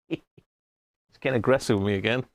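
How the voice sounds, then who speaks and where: Guy on a live stream, gravelly voice, chatting to viewers, trips over odd words. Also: mid-range voice, a little fast, dry recording. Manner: chatty, answers viewer comments by name; stumbles over unfamiliar words. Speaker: livestream host. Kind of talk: casual live chat.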